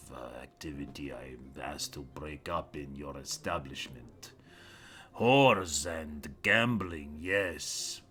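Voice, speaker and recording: Guy doing a deep stern watch captain, slow and halting, broken grammar, talks down to people. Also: full character voice. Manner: slow, halting and menacing, broken grammar, sudden loud bursts. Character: stern middle-aged male city watch captain, condescending.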